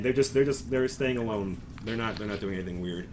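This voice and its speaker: A man's voice: fairly low pitch, fast talker, hardly any pauses, darkish tone, slight background noise. A man narrating as game master of a tabletop game in casual chat, often chuckling and restarting his sentences.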